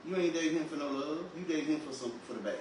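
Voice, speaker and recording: A man's voice: on the high side, rapid-fire. A man co-hosting a podcast, speaking in a casual, colloquial and reflective way. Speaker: podcast co-host. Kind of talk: casual chat. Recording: echoey room, far from mic, noisy.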